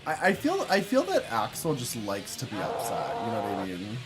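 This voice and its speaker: A man's voice: fairly low pitch, moderate pace, over music. A man livestreaming a game, chatting casually and playfully with his chat and laughing often. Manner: campy, playful, reads chat aloud; laughs often, yells when excited.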